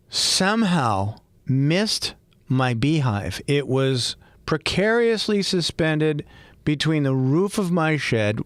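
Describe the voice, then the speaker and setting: In a chatty podcast monologue, a middle-aged Boston man shares a story from his own life, laughing along the way. He speaks at a medium pitch, with no echo in the recording.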